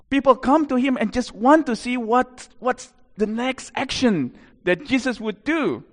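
Animated male preacher in an echoey hall. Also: high voice. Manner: animated storytelling with dramatic swings in loudness. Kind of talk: sermon.

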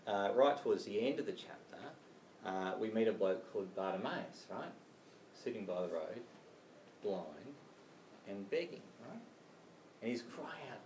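A man preaches in a chatty way, with a lively, rising and falling pitch. The recording is roomy, with the mic set well back from him. There is faint ambience behind him. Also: distant mic, a little hiss or hum. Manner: conversational, chatty with frequent "right?" and "you know". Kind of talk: sermon.

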